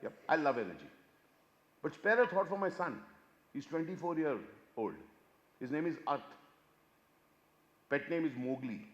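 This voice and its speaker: An older man with an Indian accent doing a chatty, self-mocking stand-up set, switching between Hindi and English and swinging from hushed asides to loud bursts. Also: fairly high pitch, big pitch swings, moderate pace, long pauses. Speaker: stand-up comedian. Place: large conference hall. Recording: echoey hall, muffled PA sound.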